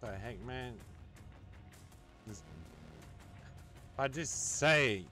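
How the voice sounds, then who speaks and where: A male streamer talks in an unhurried, drawn-out way, playfully teasing and goading a chatbot while he chats to his viewers. Faint music plays under his voice throughout. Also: medium pitch, pushed and bright. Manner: playful, goofing around with a chatbot. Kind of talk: casual live-stream chat.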